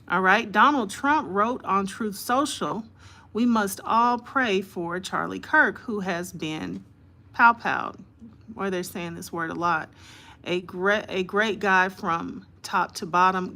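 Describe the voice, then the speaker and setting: A woman live-streaming as a host, reading news reports aloud haltingly with many fillers and greeting her viewers by name. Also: fairly low pitch, gravelly, bright, forceful tone.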